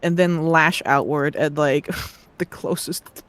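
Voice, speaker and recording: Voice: medium pitch, steady tone, slow, a bit bright. Casual game master narrating a fantasy scene. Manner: casual, filler-heavy descriptive narration with laughs.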